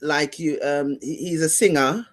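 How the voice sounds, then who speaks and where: A man's voice: on the high side, normal speed. A man hosting an interview, asking his questions in a rambling way, searching for words and restarting often. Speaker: interview host. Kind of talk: conversational interview.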